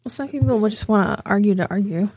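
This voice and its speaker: A woman's voice: mid-range voice, fast, darkish tone, husky, no room sound, studio quality. A woman co-hosting a podcast in casual chat, telling stories and acting out what people said. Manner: storytelling, acting out quoted exchanges. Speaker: podcast co-host.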